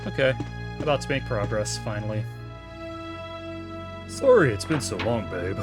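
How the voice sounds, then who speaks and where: A man's voice: on the low side, moderate pace, over music. A man in his thirties chatting casually and jokily with his chat while livestreaming a game. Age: 30s. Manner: animated, jokey, talks to chat while playing. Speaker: streamer.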